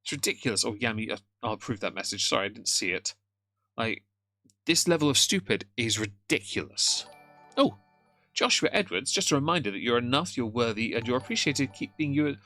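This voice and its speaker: A man's voice: medium pitch, lively intonation, brisk, sharp tone. A man hosting a casual live stream, rambling as he reacts and greets his chat by name, and now and then tripping over his words. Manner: rambling, chatty, greets chat, stammers at times.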